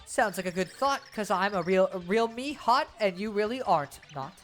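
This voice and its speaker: A catty, sing-song fairy woman who taunts in rhyme, as a woman streamer reads her lines. The voice sits at an ordinary middle pitch, close to everyday talk. Faint game music plays in the background. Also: animated, moderate pace, a bit bright, natural voice. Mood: taunting. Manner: rhyming, taunting delivery.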